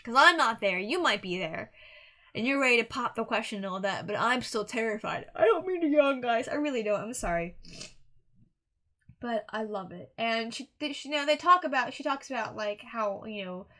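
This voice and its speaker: Young woman, music reaction host, earnest and rambling; slightly high, bright voice. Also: lively intonation, moderate pace. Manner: rambling, earnest, with frequent restarts and fillers. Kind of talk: casual song review monologue.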